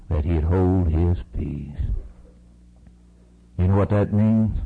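A man preaching an impassioned sermon, swinging between shouted peaks and hushed, intimate lows. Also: lively intonation, takes it slowly, vocal fry, long pauses, breathy edge, phone-quality sound.

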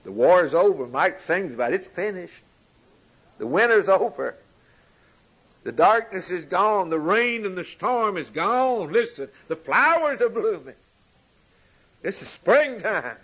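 A man preaching a sermon in a slow, rhythmic style, repeating lines and moving between loud declarations and hushed passages. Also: high-pitched, very animated, husky.

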